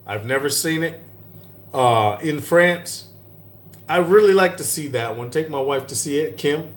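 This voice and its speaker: A middle-aged man hosts a live-stream Q&A from an airport, reading viewer comments in a relaxed, chatty way and laughing often. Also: a little high. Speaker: cooking channel host. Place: airport lounge. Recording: echoey airport with faint hum.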